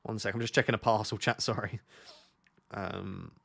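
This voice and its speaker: A man's voice: lowish voice, steady tone, normal speed, creaky, a bit bright, slightly rough. A young British man hosting a casual live stream, chatting and reading out questions from his viewers. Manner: chatty, reads chat questions aloud. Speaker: streamer host.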